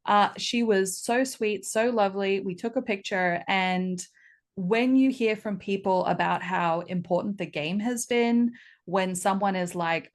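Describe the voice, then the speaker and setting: A woman, a game studio co-founder, chatting in an interview and telling stories with lively acted-out quotes. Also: mid-range voice, measured pace. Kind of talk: casual interview chat.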